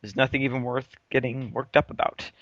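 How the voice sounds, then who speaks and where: A man from the United States co-hosting a casual motorsport podcast, talking in an animated, opinionated way with frequent restarts. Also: medium pitch, a little fast, a crowd in the background. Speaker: podcast co-host. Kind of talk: casual chat. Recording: muffled, dry lo-fi.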